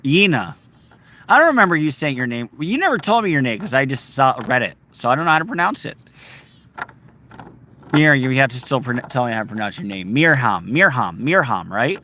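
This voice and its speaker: Male streamer, casual and playful, lively delivery, talking to chat from a park, a little background noise. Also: mid-range voice, fairly quick. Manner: playful, sings snatches of songs, reads viewer names aloud. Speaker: livestream host. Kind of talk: casual livestream chat reading comments. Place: outdoors in a park.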